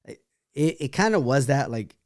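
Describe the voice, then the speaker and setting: A young man from California, a dancer, telling lively stories in a casual interview with laughing asides and restarts. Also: medium pitch, moderate pace, no room sound, studio quality.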